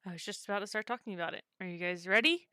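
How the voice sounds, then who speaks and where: Woman, live-stream host, casual rambling chat, bright voice, dry sound. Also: medium pitch, racing, clear, resonant tone, dry recording. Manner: chatty, rambling with many fillers.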